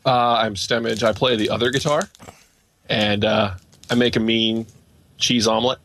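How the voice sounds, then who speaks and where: A man's voice: moderate pace, a little hiss or hum. A man, a guitarist guesting on a podcast by video call, casually joking with listeners. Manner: relaxed, joking pitch to listeners.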